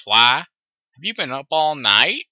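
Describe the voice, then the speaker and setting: A man's voice: fairly low pitch, very animated, fairly quick, pushed and bright, no room sound, exaggerated voice. A man doing a folksy farm pony mare. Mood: assuring. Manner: folksy, assuring.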